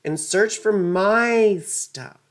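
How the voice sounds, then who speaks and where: A woman's voice: mid-range voice, drawn-out words. A woman astrologer giving a casual astrology lesson, easily flustered, muttering curses and wandering into rambling asides.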